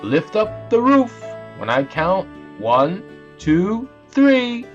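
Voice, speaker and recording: A man voicing a bossy, pushy male moose who shouts orders. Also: high-pitched, very animated, drawn-out words, voice pushed up, exaggerated voice. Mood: bossy, commanding. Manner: loud, commanding, shouting orders. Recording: dull lo-fi audio with music.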